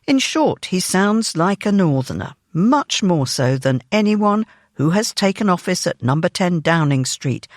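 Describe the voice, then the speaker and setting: Lively, dry-voiced news magazine narrator. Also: medium pitch, no room sound. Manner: measured, even reading of a written article. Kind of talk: scripted news feature narration.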